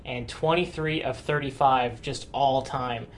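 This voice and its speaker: A man's voice: medium pitch, steady tone, unhurried. Man, podcast co-host, casual chat, dry, quotes stats.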